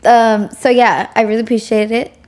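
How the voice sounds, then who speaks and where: A woman's voice: a little high, fairly even intonation, normal speed, a little mellow. A woman hosting a podcast, chatting casually in an upbeat, appreciative way. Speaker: podcast host. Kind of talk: casual chat.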